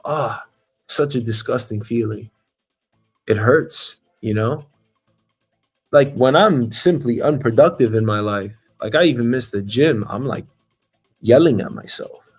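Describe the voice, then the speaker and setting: In a slightly mellow, mid-range voice, a show host muses reflectively in a loose monologue, stuffing it with fillers and the occasional curse.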